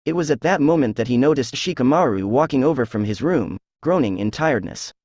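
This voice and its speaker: A man reading fan fiction aloud as narrator, in a steady, even storytelling voice. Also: mid-range voice, brisk, no room sound, muffled recording.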